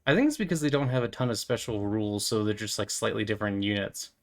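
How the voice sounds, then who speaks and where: A man's voice: fairly low pitch, quick pace. A young man hosting a gaming channel, rambling playfully through casual commentary as he plays, with lots of fillers and goofy asides. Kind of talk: casual commentary while playing.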